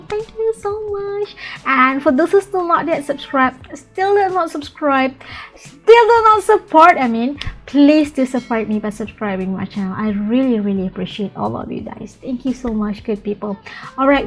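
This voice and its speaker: Eager Malaysian woman with a high voice. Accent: Malaysian English. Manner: eager, pleading, repeats herself. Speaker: YouTube reactor. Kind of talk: casual reaction chat.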